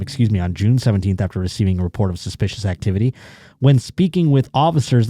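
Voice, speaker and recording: A podcast host with a dark, mid-range voice reads news stories aloud on a comedy podcast, riffing crudely and sarcastically between the articles. The recording has clean studio sound with no room sound.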